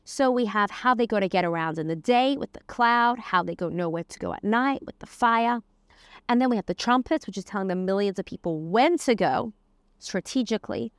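A woman's voice: mid-range voice, animated, fairly quick, dry recording, clean studio sound. A woman giving a conversational Torah lesson, weaving Hebrew terms and verses into her explanation. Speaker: Torah teacher. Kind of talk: casual spoken lesson on the weekly portion.

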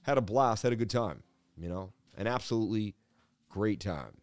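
A man's voice: lowish voice, lively intonation, normal speed, clean tone, no echo. A man hosting a live crypto market stream, hyped and preachy as he walks through the charts, often calling people "baby.". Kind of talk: live market analysis chat.

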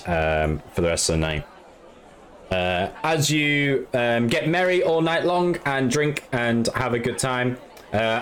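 A man's voice: mid-range voice, a little hiss or hum. Rambling male game master. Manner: rambling, filler-heavy narration. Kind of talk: narrating a tabletop game.

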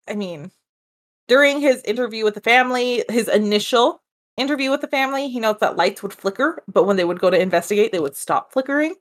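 A woman's voice: fairly high pitch, a bit bright. A woman in an easy podcast chat, working through a haunted-house case step by step. She talks loosely, drifts off on asides and breaks into laughter often. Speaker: podcast co-host telling a paranormal case. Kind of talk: casual storytelling chat.

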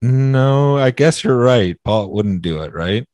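A man's voice: mid-range voice, expressive, slow, a little mellow, dry recording. A young man co-hosting a casual podcast over a video call, teasing and swearing through laughing rants. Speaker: podcast co-host.

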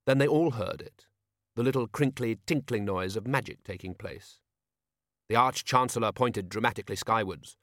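A man reading a novel aloud as an audiobook narrator, wry and expressive. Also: lowish voice, moderate pace, no room sound, clean studio sound. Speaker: audiobook reader.

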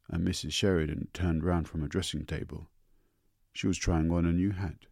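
Low, husky male storyteller, gravelly, measured audiobook read. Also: level tone, a little mellow, no echo, studio quality. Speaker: narrator. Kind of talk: audiobook narration.

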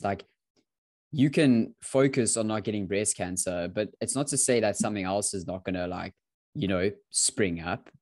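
A man's voice: on the low side, a little mellow, dry recording, clean studio sound. A man co-hosting a podcast in casual chat, often restarting and searching for the right word. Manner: searching for words, repeats and restarts. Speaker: podcast co-host.

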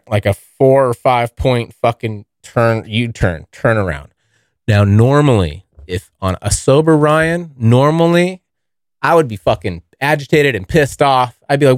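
A man's voice: medium pitch, expressive, a little slow, dry recording, clean studio sound. A young man hosting his own podcast, telling a long story in a rambling, casual way, swearing often and calling listeners dude. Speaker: podcast host.

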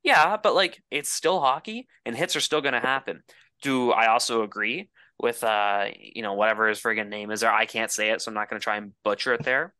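Man, podcast co-host, casual sports chat, emphatic, bright tone, dry close sound. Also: mid-range voice, fairly quick, clear, resonant tone, dry recording. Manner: emphatic, filler-heavy, says "dude" and "like".

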